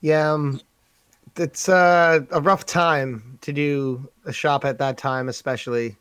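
A man's voice: on the high side, steady tone, slow pace, fairly bright tone, smooth, no room sound. A man co-hosting a podcast in easygoing casual chat, asking follow-up questions. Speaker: podcast co-host.

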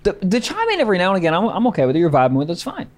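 A man co-hosting a comedy podcast, ranting and swearing his way through the banter. His pitch swings widely as he talks, and the delivery is loose and animated. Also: racing. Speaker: podcast co-host. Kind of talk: casual comedic chat.

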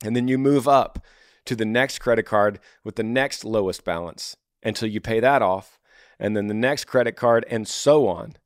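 A man's voice: fairly low pitch, moderate pace, no room sound, clean studio sound. A man hosting an advice podcast who talks in a blunt, earnest, emphatic way. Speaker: podcast host.

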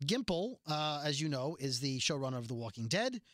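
A man's voice: on the high side, big pitch swings, brisk, fairly bright tone, dry recording, studio quality. A man co-hosting a casual podcast, reading quotes aloud and adding jokey, wry asides. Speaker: podcast co-host.

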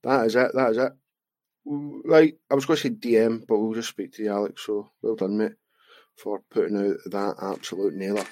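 A man's voice: fairly low pitch, steady tone, moderate pace, a little mellow, no echo. A Scottish man co-hosting a podcast, casually reading out jokes and chuckling often. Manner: jokey, reads listener jokes, chuckles often. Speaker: podcast co-host. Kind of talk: casual chat.

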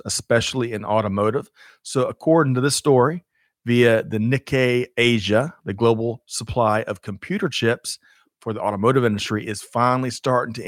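A man's voice: mid-range voice, moderate pace, no echo, studio quality. A man co-hosting a livestreamed show in casual chat, upbeat and chatty, with frequent laughs and fillers. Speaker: co-host of a livestreamed supply chain show.

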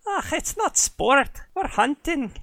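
Someone putting on a gruff brogue huntress. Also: high voice, sing-song, takes it slowly, fairly bright tone, voice pushed up, heavily acted. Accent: put-on Scottish brogue drifting into Irish. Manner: blunt, impatient, clipped. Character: brusque woman huntress, leader of a hunting band.

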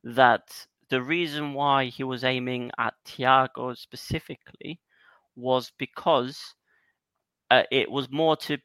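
A man co-hosting a podcast, retelling things in a rambling, animated way with lots of fillers. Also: medium pitch, clean tone, dry recording. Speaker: podcast co-host. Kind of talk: casual chat.

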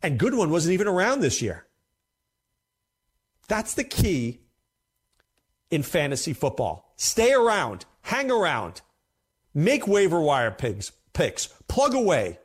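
A man's voice: fairly high pitch, huge pitch swings, slow, pauses often, slightly rough. A man hosting a fantasy football show, talking casually and emphatically, often repeating himself for effect. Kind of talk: casual commentary to camera.

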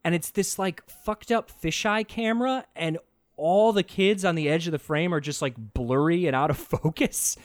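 A man in casual film-review chat who talks in an animated way, swears freely and laughs often. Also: fairly high pitch, moderate pace, no room sound, studio quality.

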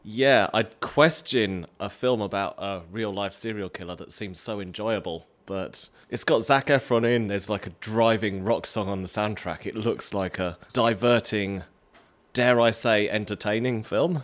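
A man's voice: lowish voice, a little slow. A man co-hosting a casual podcast chat with dry, wry asides. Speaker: podcast co-host.

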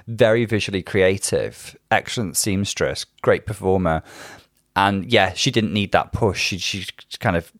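A man's voice: sits low, a little slow, dry recording, studio quality. A man co-hosting a casual chat, talking things through in a thoughtful, analytical way. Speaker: podcast co-host.

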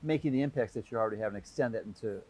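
Husky male interviewer with short interjections. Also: lowish voice, very fast, darkish tone. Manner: brief, encouraging interjections. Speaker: interviewer host. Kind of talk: casual interview chat.

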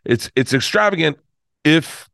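A man's voice: on the high side, lively intonation, unhurried, gravelly, fairly bright tone, dry recording, clean studio sound. A man in his fifties, a comedian guest telling a rambling story full of restarts and swearing. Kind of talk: storytelling in conversation.

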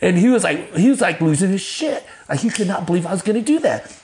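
Middle-aged pastor guy telling wild stories, loose and animated, does high squeaky voices for people he quotes. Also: fast talker. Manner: animated, acts out quotes in a high voice, laughs, swears casually. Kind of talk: personal storytelling interview.

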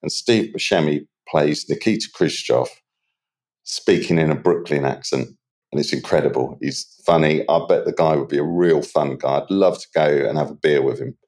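A British man chatting as a podcast guest, telling stories in a relaxed, slangy way. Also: very deep voice, fairly quick. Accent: British English. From England. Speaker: guest, water treatment expert. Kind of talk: casual interview chat.

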